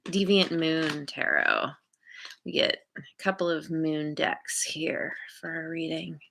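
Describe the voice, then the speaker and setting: A woman giving an intuitive tarot reading to her viewers, gentle and encouraging, often pausing to search for words. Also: low-pitched, vocal fry, background noise. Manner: encouraging, spiritual. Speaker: tarot card reader.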